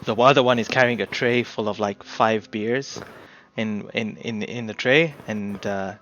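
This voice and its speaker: A man narrating a tabletop game scene, describing it in a relaxed way with some fillers. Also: lowish voice, unhurried, muffled recording.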